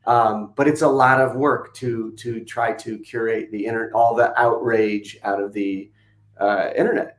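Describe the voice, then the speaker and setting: A man's voice: on the low side, steady tone, measured pace. A man chatting casually as a podcast guest, laid-back and chuckling, with lots of ums and uhs. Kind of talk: casual chat. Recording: roomy echo.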